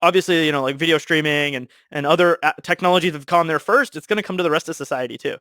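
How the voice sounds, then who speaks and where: A man speaking as a podcast guest, animated and quick, explaining with lots of fillers. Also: a little high, no echo, clean studio sound. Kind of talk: casual discussion.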